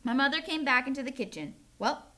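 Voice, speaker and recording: Teacher lady reading a kids book out loud, lively, a bit gravelly. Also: fairly high pitch, moderate pace. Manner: animated, friendly storytelling. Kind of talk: reading a chapter book aloud to students.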